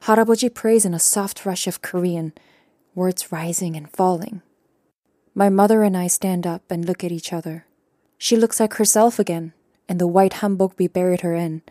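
A young adult woman reading a first-person story aloud in a calm, even narration with quiet character voices. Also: lowish voice, normal speed, no echo, studio quality. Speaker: audiobook narrator.

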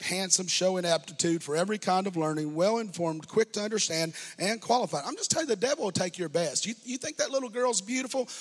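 A man preaching a sermon to a congregation, building fervor and speaking straight to the listeners. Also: high voice. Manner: preaching with rising fervor, call-and-response asides. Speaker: pastor. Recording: reverberant hall.

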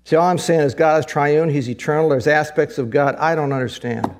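A middle-aged man preaching a sermon, emphatic, repeating phrases and rising to high excited peaks. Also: fairly quick. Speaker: pastor.

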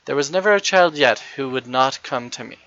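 A big, kind workman with a hearty way of talking, as a male reader gives him voice. The voice is bright, and the sound is dry and slightly dull. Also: mid-range voice, animated, brisk, dry recording. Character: big kind working man with tools.

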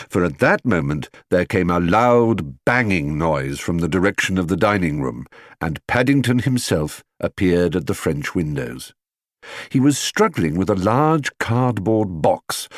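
A man reading a children's storybook aloud as scripted audiobook narration, lively and expressive. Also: sits low, dry recording, studio quality. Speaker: audiobook reader.

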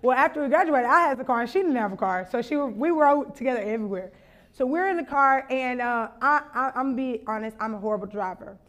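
Brief: young woman, high voice, storytelling preacher, animated and laughing. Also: fast. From Louisiana. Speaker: conference speaker. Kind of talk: storytelling sermon.

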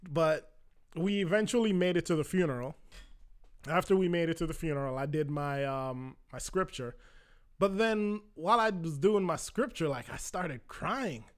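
A young man tells a story from his own life in a loose, conversational style. His voice sits a bit high for a man, and he often stops on filler words. He jumps into the voices of the people in his story as he tells it. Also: moderate pace. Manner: conversational, lots of "like" fillers, acts out quoted voices. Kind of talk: casual personal storytelling.

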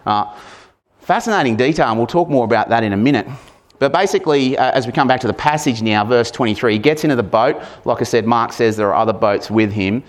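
A man gives a sermon in a relaxed, conversational way, at a mid-range pitch. He is animated and chatty and keeps turning to the congregation with questions. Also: quick pace. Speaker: preacher.

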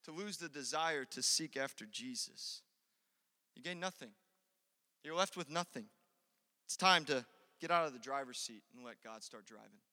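In a large hall, a young man with a fairly high voice preaches a sermon in church, swinging from loud, passionate peaks down to quiet, conversational asides.

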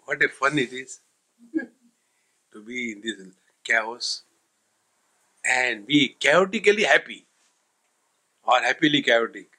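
A man's voice: mid-range voice, slow, pauses often, bright, forceful tone, poor audio. A man, a swami giving a humorous spiritual discourse that he fills with stories, jokes and Hindi sayings. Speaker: swami teaching a spiritual text.

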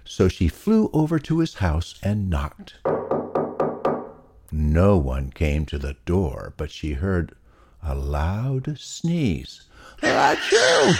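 A man reading a children's story aloud in an unhurried, expressive way. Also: low voice, husky.

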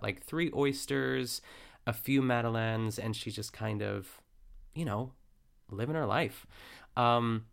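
A podcast host with a gravelly, mid-range voice recaps a cooking show in a casual chat. He's chatty and playful, laughing often.

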